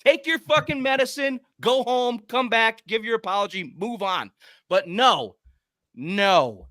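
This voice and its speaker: A man's voice: very high voice, animated, measured pace, bright, forceful tone, dry recording, clean studio sound. A man hosting a sports talk podcast, ranting emphatically and swearing often in casual heated chat.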